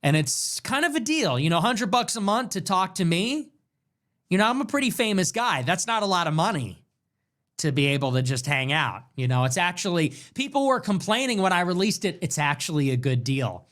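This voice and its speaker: A man's voice: high voice, fairly bright tone. A young man hosting his own livestream, ranting and joking sarcastically about the news. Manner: mocking, joking, rants. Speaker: political streamer host.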